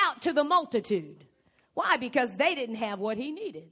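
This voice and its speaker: High bright-voiced woman preaching. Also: big pitch swings, normal speed. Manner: emphatic, building to shouts. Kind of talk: sermon.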